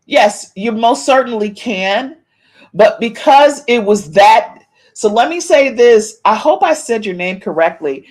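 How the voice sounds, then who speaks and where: Animated woman gossiping on a live stream. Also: fairly high pitch, a little slow. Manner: animated, reads chat comments aloud, shouts meow to viewers. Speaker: podcast host.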